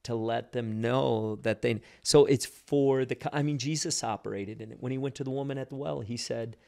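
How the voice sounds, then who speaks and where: A man's voice: mid-range voice, normal speed, creaky, a little mellow. A man hosting a casual faith talk, teaching earnestly with frequent restarts.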